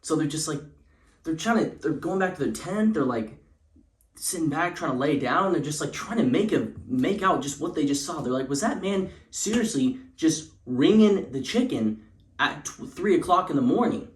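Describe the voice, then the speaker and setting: A man's voice: on the high side, animated, moderate pace, echoey room. A young man telling a parody spooky story in a rambling way, with lots of fillers and restarts.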